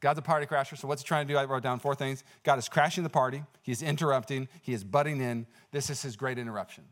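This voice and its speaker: A male pastor preaching a sermon in a conversational, animated way, with frequent fillers and restarts. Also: mid-range voice, quick pace.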